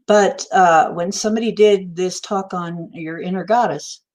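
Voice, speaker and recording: A woman's voice: lowish voice, steady tone, a little slow, darkish tone. A middle-aged woman hosting a livestream who talks casually and rambles through stories and viewer questions. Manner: rambling, storytelling, answers chat viewers. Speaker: livestream host. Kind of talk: casual spiritual talk on a livestream.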